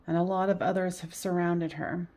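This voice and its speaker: Mellow-voiced woman giving a psychic reading. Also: fairly low pitch, little pitch movement. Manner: halting, repeats phrases, soothing and coaxing. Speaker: psychic medium. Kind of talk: solo psychic reading to camera.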